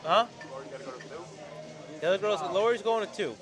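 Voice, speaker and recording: A man's voice: high voice, normal speed, music in the background. A man commentating a pool match in a pool hall, explaining shots and teasing his co-host. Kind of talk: casual play-by-play commentary.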